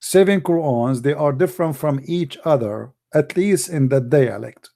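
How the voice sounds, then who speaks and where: A man with an Arabic accent, a native Arabic speaker from the Middle East, hosting a live debate show in a mocking, emphatic and forceful way. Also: a little high, expressive, normal speed, gravelly. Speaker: apologetics show host.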